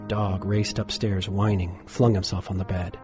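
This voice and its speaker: A man narrating a horror story in a measured, dramatic way, dropping to a hush for suspense. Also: sits low, level tone, over music.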